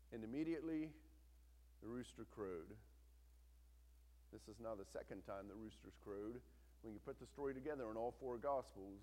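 A man preaching a sermon, swinging between loud, intense retelling and hushed, quiet emphasis. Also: mid-range voice. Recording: long hall reverb.

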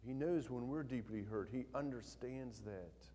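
Male pastor, mid pitch, preaching with dynamic swings in a church with a long hall reverb. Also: a little slow. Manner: swings from soft and low to loud and emphatic, reading scripture aloud. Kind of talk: sermon. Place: church sanctuary.

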